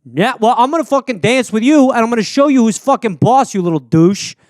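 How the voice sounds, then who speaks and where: A man's voice: sits high, big pitch swings, moderate pace, dry recording, studio quality. A man playing a foul-mouthed, belligerent male tough guy, in a comedy bit. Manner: swearing, threatening, belligerent.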